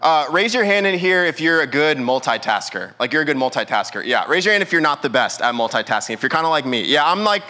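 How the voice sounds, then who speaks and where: A man's voice: fairly high pitch, lively intonation, fast, hardly any pauses, sharp tone. A young man, a youth pastor, preaching a sermon in church with emphatic, repeated rhetorical questions.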